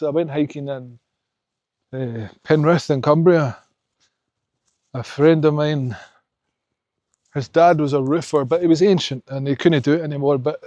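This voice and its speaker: Chatty Scottish man, fairly high voice. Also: darkish tone, no room sound. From Scotland. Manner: chatty, opinionated, rambling. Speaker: hiking vlogger. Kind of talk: casual vlog chat on a walk. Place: outdoors in mountains.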